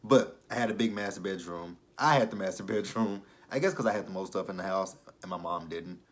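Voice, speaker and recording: A man in his thirties chatting casually about a TV episode, drifting into tangents and animated childhood stories. His voice sits fairly low. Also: a little fast. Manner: rambling, animated storytelling, tangents. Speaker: YouTube TV reviewer. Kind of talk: casual chat.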